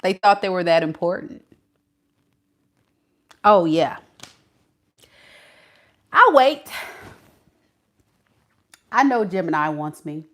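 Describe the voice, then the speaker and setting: A tarot reader lays out cards for her audience, sassy and playful, using slang and speaking directly to the listener. Her voice sits lowish, with a measured pace and long pauses.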